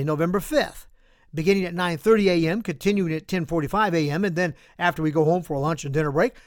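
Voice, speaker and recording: An American man, a pastor, preaching a sermon with an animated, emphatic storytelling delivery. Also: high voice, dry recording, studio quality. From United States.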